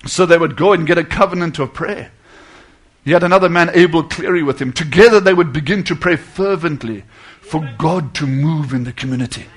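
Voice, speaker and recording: Fervent high-voiced preacher man. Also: animated, moderate pace, slightly rough. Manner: fervent, swinging from loud to hushed. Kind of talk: sermon.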